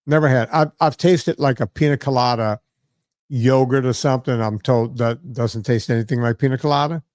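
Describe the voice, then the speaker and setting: A man hosts a casual podcast, spinning a meandering story full of "uh" and "right?". His voice sits at an ordinary middle pitch and sounds close and dry, with no room echo. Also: normal speed, darkish tone. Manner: rambling storyteller, many fillers and "right?" asides. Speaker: podcast host.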